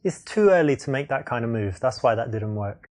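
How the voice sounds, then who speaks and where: A man's voice: medium pitch, lively intonation, a little fast, darkish tone. A man with an English accent, boastful and joking while flirting, who also comments as a dating coach. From England. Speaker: dating coach and game host.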